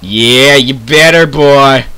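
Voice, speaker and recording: A young man giving loud, excitable, swearing commentary as he plays a game. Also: mid-range voice, slow, smooth. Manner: excitable, swearing, laughing a lot. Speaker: gamer. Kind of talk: let's play commentary.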